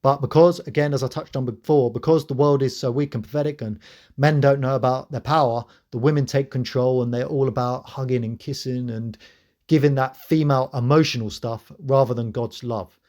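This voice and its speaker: A man's voice: mid-range voice, steady tone, a little fast, a little mellow. A man hosting his own channel, giving an earnest, preachy spiritual monologue to camera. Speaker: channel host.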